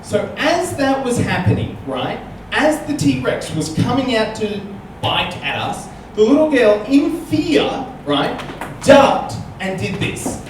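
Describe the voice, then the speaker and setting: A male comedian telling a stand-up story and chatting on stage, animated and tagging lines with "right?". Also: very high-pitched, slow pace, few pauses. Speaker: comedian guest. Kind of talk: live stand-up storytelling and chat. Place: small comedy venue with audience. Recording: echoey live room, distant mic, noisy.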